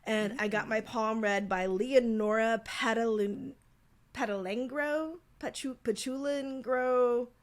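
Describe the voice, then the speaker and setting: A woman's voice: on the high side, steady tone, takes it slowly. A woman co-hosting a podcast, telling a travel story in casual, filler-filled chat. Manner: chatty storytelling, frequent fillers. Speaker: podcast co-host.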